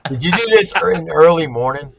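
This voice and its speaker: A man's voice: on the high side, animated, fast, gravelly, highs cut off, crowd noise. A man co-hosting a podcast, wryly setting up the video clips the hosts watch together. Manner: wry, introduces the clips. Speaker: podcast co-host. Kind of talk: casual podcast chat.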